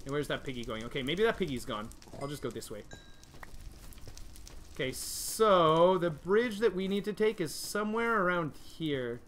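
A young man streaming a video game live, chatting with his viewers, reading their messages and yelling in frustration when things go wrong. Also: a little high, normal speed, a little hiss or hum. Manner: excitable, yells in frustration when dying; reads and answers chat. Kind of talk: live gaming stream commentary.

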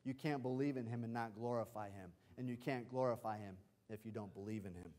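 A male pastor preaching a livestreamed sermon, moving between quiet explanation and loud, excited exclamations of hallelujah. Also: mid-range voice, a little fast.

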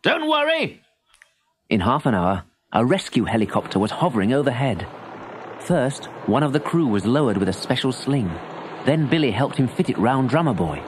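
Animated male storybook narrator. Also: medium pitch, brisk, slight background noise. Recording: story tape with music.

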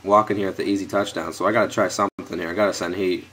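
Swearing at his players in frustration, a young man gives live commentary on his own football game for his YouTube gaming channel. His voice is low, steady in tone and a bit bright, and he races through his words. He speaks right into a headset or desk mic.

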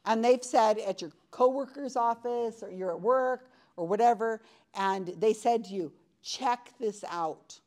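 A woman's voice: a little high, normal speed, darkish tone. A woman leading an interactive workshop, talking conversationally and asking the audience questions in a room full of people. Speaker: workshop presenter.

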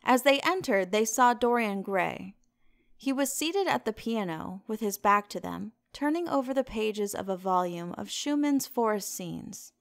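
A woman narrating an audiobook in a steady, measured reading style. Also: mid-range voice, vocal fry, no echo, clean studio sound. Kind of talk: scripted narration.

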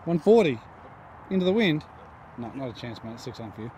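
A man's voice: medium pitch, a little fast. An Australian man bantering and teasing his playing partners during a round of golf, recorded outdoors. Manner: joking, teasing. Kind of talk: casual banter on a golf course. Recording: outdoor ambience with steady background noise.

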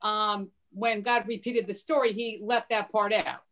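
A woman's voice: medium pitch, steady tone, unhurried, fairly bright tone. A woman taking part in a class discussion, asking thoughtful questions. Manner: inquisitive, thoughtful. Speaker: class participant.

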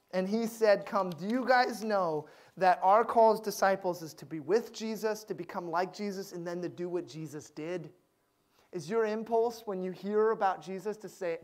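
A male pastor giving a sermon, swinging between loud emphatic lines and hushed, gentle ones. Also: sits high.

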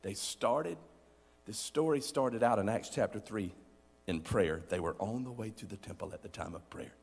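A man preaching a sermon as pastor, calling on the congregation to answer back and swinging between loud bursts and hushed, near-whispered asides. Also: fairly low pitch, animated, brisk, a little hiss or hum. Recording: long hall reverb.

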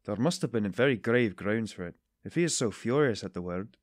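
A man narrating an audiobook, voicing a genial middle-aged detective who speaks in a jovial, gently ironic way. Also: lowish voice, animated, fairly quick, dry recording, studio quality, close to an everyday voice.

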